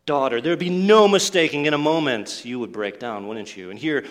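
A man's voice: mid-range voice, brisk, hardly any pauses, a bit bright. A man preaching a sermon, telling the story earnestly and acting out the quoted lines. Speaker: pastor. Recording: long hall reverb.

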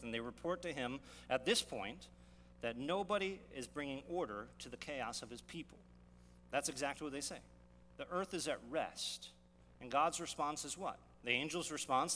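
A man's voice: mid-range voice, pushed and bright. A male pastor preaching a sermon, teaching verse by verse with rhetorical questions and frequent restarts. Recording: long reverb of a hall, faint hum.

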